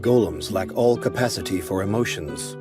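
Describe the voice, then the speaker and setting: An actor voicing a calm, protective ancient male golem lord in an anime dub, speaking in a measured way. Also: sits low, music in the background. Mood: solemn.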